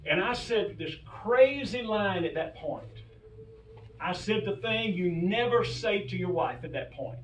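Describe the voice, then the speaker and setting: Animated, high-pitched male storyteller. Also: a little slow, lo-fi sound, a little hiss or hum. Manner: animated, self-mocking. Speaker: comedic storyteller. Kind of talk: stand-up storytelling. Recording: echoey room from far off.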